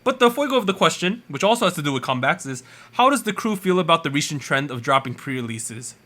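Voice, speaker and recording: A man co-hosting a casual podcast chat, trading quick, animated, jokey opinions. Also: on the high side. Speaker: podcast co-host.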